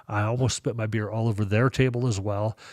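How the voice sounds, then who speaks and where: Man, low-ish voice, lively storytelling, plays out quotes; dry, close mic. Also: fairly quick, dry recording. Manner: animated storyteller, acts out quoted dialogue. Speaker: podcast guest. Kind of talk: casual storytelling.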